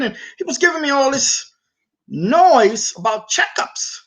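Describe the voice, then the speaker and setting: Animated slangy man hosting a livestream. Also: extremely high pitch, normal speed, pauses often. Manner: animated storytelling with slangy, repetitive speech. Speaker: livestream host. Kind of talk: casual livestream chat.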